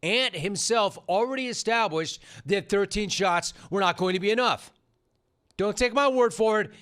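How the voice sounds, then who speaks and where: A man's voice: high-pitched, moderate pace, a bit bright, clean tone. A middle-aged man hosting a sports talk show, delivering an opinionated monologue in a punchy, sarcastic way. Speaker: sports radio host.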